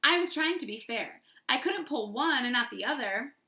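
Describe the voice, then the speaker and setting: A woman's voice: high-pitched, animated, moderate pace, sharp tone, echoey room, full character voice. A woman voicing a stubborn schoolboy who protests and defends himself. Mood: defensive. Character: fidgety schoolboy, stubborn troublemaker.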